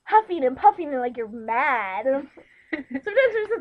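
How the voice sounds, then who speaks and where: A woman's voice: high voice, big pitch swings, normal speed. A young woman chatting casually in a vlog, playful and giggly, teasing her cousin. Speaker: vlogger. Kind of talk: casual chat. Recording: dull lo-fi webcam audio.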